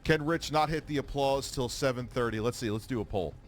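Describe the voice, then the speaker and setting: A man's voice: mid-range voice, brisk, soft background music. A man streaming a profane reaction, mocking and sarcastic, swearing freely. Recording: noisy stream capture.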